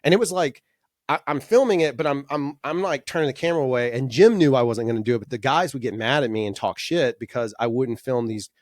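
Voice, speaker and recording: A man in his forties, a podcast guest telling rambling, animated anecdotes full of restarts. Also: medium pitch, quick pace, dry recording, clean studio sound. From Alabama. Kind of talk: casual storytelling.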